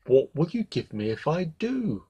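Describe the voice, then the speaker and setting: Man doing a gentle talking frog. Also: fairly high pitch, big pitch swings, measured pace, vocal fry, breathy edge, muffled recording, heavily acted. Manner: soft, gentle delivery.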